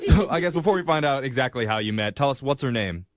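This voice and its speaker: A man's voice: medium pitch, expressive, fast talker, crowd noise. A man hosting a radio show, joking and teasing the caller. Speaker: radio host. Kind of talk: morning radio banter.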